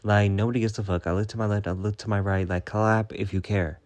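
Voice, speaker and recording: In a casual vlog, a young man tells a story, sassy, blunt, and cursing freely as he retells a chat by reading out his own messages. His voice is fairly low and darkish, with a steady tone, and he talks fast.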